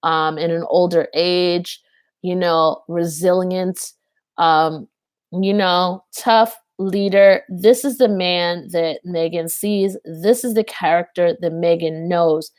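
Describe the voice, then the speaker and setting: A woman reading tarot cards to camera, taking her time and halting often with fillers. Her voice sits a little low, and the sound is close and dry with no room echo. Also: steady tone, a little mellow. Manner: halting, full of fillers, earnest. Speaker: tarot card reader.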